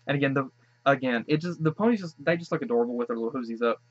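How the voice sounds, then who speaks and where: A man at a middle pitch rambles happily through his reaction to an episode, gushing over what he sees and often circling back to restart a thought. The recording is a little dull and lo-fi, like a home setup. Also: rapid-fire, no room sound. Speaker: show reaction host. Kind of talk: casual reaction commentary.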